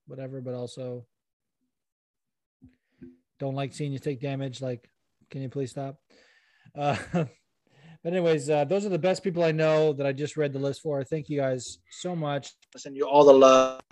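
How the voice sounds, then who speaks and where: A man's voice: medium pitch, darkish tone, dry recording. A young man hosting a podcast in casual chat, rambling and self-deprecating, swearing now and then. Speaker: podcast host.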